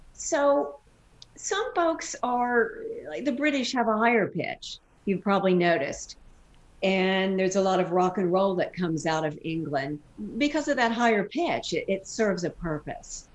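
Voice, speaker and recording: A woman's voice: medium pitch, low-quality recording. A woman guest who works as a voice coach, explaining vocal technique in an interview and demonstrating exercises. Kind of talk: interview answers.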